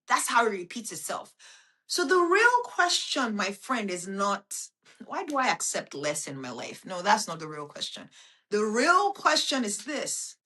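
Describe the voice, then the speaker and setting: A woman hosting a podcast, giving a slow, intimate self-help monologue that speaks to the listener as a friend and swears casually. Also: on the high side, sharp tone. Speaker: podcast host.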